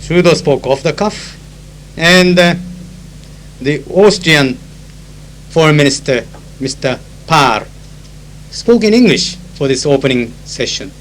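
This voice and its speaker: A man with a Japanese accent, a conference interpreter, speaks slowly in a somewhat high, slightly bright voice with lively intonation and frequent pauses. Recording a spoken diary, he shares anecdotes with lots of fillers and explains phrases in Japanese. The audio is poor, from an old tape with a faint hum.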